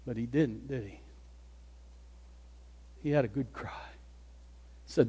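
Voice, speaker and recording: A man's voice: medium pitch, unhurried, dark tone, husky. A man preaching a sermon, retelling scripture dramatically and acting out the speakers' lines. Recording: long hall reverb.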